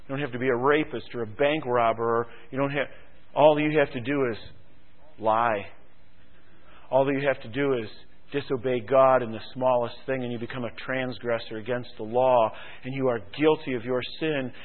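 A man preaching a sermon, swinging from quiet musing to loud, fervent exhortation and firing rhetorical questions at the congregation. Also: mid-range voice, fairly even intonation, moderate pace. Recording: tinny phone-like radio broadcast.

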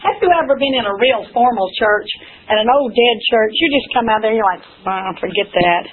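A middle-aged woman giving an informal sermon to a church group, telling stories in a chatty, lively way and laughing often. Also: fairly high pitch, fairly quick. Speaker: church speaker. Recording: tinny phone-like church recording.

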